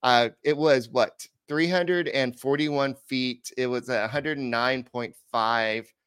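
A man's voice: mid-range voice, fairly even intonation, takes it slowly, fairly bright tone, clean tone, no room sound. A man hosting a casual sports podcast, rambling through game stats with lots of "uh" and restarts. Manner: rambling, filler-heavy stat talk. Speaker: podcast host.

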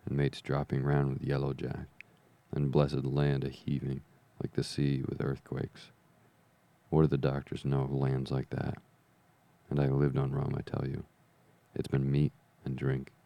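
A man reading the part of a sick old pirate sea captain, feeble and weak, pleading and grumbling in rough sailor's slang. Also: a bass voice, warm tone, exaggerated voice. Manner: rough sailor's slang, begging then blustering.

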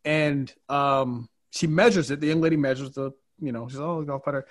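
A man hosting a casual podcast chat, telling a story in an animated, rambling way with many restarts. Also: medium pitch, moderate pace. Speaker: podcast host.

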